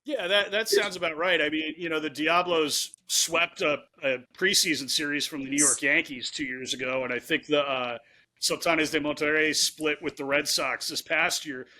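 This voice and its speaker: A man's voice: fairly high pitch, fairly even intonation, normal speed, bright, forceful tone. A man hosting a podcast, chatting casually and asking questions with long setups. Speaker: podcast host. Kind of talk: casual interview.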